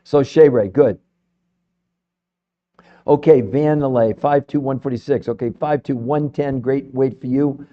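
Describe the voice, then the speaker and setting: A man's voice: measured pace, long pauses. Fired-up man on a lo-fi live stream. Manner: fired-up, swearing, swings between calm number-reading and loud pitching. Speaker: host of a live health stream. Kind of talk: live-stream talk to viewers.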